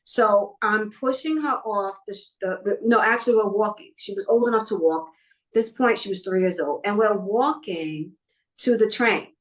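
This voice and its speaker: A woman's voice: mid-range voice, moderate pace, poor audio. A middle-aged woman from New York telling a personal story in a podcast interview, acting out what other people said. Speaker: guest.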